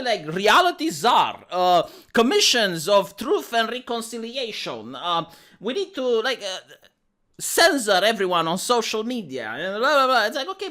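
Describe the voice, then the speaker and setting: A man from Romania vlogs in an animated rant, with a Romanian accent and a voice he calls squeaky. His pitch swings widely, his tone is bright and sharp, and he gesticulates as he talks. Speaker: vlogger. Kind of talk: ranting commentary.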